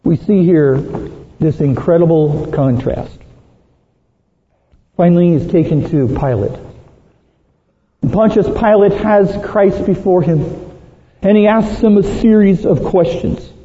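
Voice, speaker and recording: A man's voice: high voice, takes it slowly, long pauses, dark tone, slight background noise. A man preaching a sermon earnestly and emphatically, acting out the Bible quotes he tells. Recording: tinny phone-like sound in an echoey hall.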